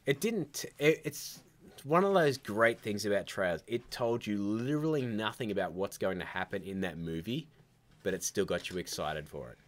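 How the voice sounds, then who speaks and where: This is a man with a very low voice hosting a casual live stream from home. He rambles through blunt, opinionated takes, cutting himself off and circling back as he goes. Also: lively intonation, normal speed. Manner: rambling, opinionated, self-interrupting. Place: at home by a computer, child nearby.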